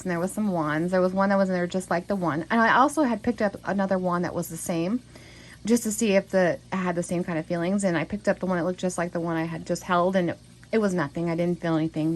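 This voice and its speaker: A woman's voice: lowish voice, rough recording. A woman recording a spoken journal at home, telling a story in a rambling, emotional way with many restarts. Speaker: vlogger.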